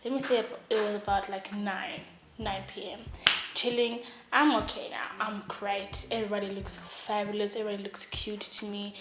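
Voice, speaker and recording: Young woman, casual comic storyteller, lively and playful, recorded in a roomy space. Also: medium pitch, moderate pace, noisy background. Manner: animated, acts out every voice in her story. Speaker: vlogger. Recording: roomy echo.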